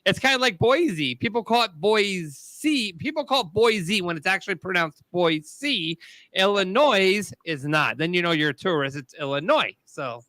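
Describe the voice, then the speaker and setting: A man's voice: high-pitched, expressive, fast, hardly any pauses, bright, forceful tone, no echo. A man from the United States hosting a casual talk show over a video call, upbeat and thanking guests. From USA. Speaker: show host.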